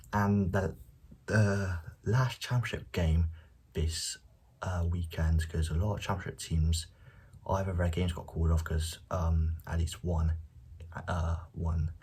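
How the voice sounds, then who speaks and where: Young man, deep voice, very husky and breathy, hushed late-night talk, no real mic, casual football predictions. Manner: speaks quietly, at times near a whisper. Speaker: football vlogger. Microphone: no dedicated microphone.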